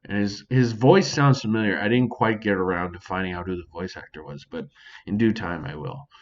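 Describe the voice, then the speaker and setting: A man's voice: sits low, fairly quick, lo-fi sound. A man hosting a casual solo podcast, swearing freely and speaking to an imagined audience, recorded at home. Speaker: podcast host. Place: home near a sink.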